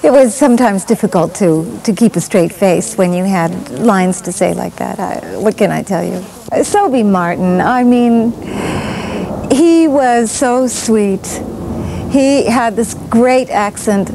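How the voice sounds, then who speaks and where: A woman, an actress, reminiscing in an interview, talking haltingly with frequent restarts and light chuckles. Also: mid-range voice, mellow, slight background noise, rough recording.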